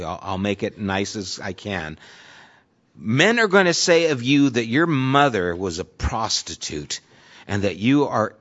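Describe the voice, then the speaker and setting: A man preaching a sermon in a conversational way, reading scripture aloud with dramatic emphasis. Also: on the low side. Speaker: pastor. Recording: dull lo-fi recording.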